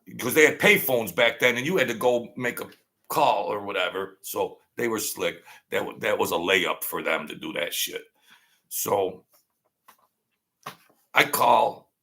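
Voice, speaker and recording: A man's voice: on the low side, measured pace, gravelly, pushed and bright. Rambling, profane man telling stories. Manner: rambling and profane, fills gaps with "blah, blah, blah". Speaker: storyteller recounting his past. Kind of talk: casual spoken storytelling.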